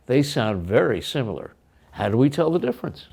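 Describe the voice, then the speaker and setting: A man's voice: mid-range voice, very animated, brisk, vocal fry, a little mellow, slightly rough. A man with an American accent teaching English pronunciation in a scripted lesson, explaining plainly. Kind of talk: scripted lesson with acted skits.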